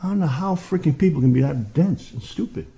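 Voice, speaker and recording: A middle-aged man preaching in a fiery rant, swinging from low muttering to shouted insults. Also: animated, fairly quick, vocal fry, slightly rough, lo-fi sound.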